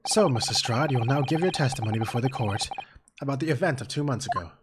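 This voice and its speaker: A man voicing a cold, aristocratic male prosecutor in a courtroom game, drawling slowly and with disdain. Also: mid-range voice, expressive, very noisy, natural voice. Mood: disdainful.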